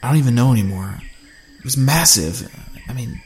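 A man's voice: medium pitch, lively intonation, brisk, slight background noise, lightly acted. A man voicing an amazed young male survivor.

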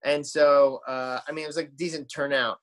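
A man's voice: fairly high pitch, little pitch movement, moderate pace, fairly bright tone. A man, a musician guest, telling tour stories in casual podcast chat, rambling with lots of fillers and restarts.

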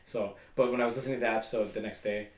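A man's voice: lowish voice, fairly even intonation, racing, echoey room. A man hosting a podcast, chatting casually and rambling at length with many fillers. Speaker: podcast host. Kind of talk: casual chat.

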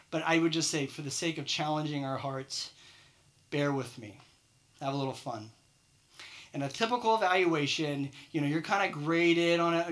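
A man's voice: fairly high pitch, a bit bright. A man preaching a sermon, firing off rhetorical questions and acting out quoted excuses. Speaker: pastor.

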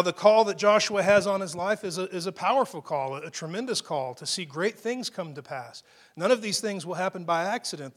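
High-voiced man preaching conversationally. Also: fairly bright tone. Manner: conversational preaching with restarts and asides. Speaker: pastor. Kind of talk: sermon.

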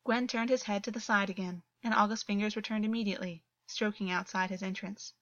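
A woman reads a story aloud as scripted narration, keeping a steady, even flow. Her voice sits in a middle register. The recording is dry and slightly muffled, without room sound. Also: medium pitch, fairly quick, dry recording. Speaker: audiobook reader.

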